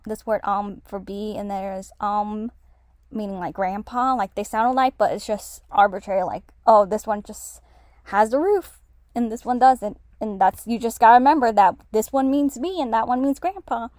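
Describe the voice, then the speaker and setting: A woman's voice: medium pitch, normal speed, darkish tone, no room sound, clean studio sound. A woman casually walking through her language-study spreadsheet, rambling with many fillers and self-corrections. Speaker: language learner explaining her notes. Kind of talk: casual screen-share lesson.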